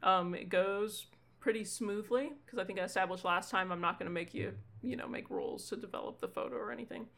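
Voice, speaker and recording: Bright-voiced woman game master. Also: medium pitch, creaky. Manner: chatty, lots of ums, quick laughs. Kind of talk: narrating a tabletop game.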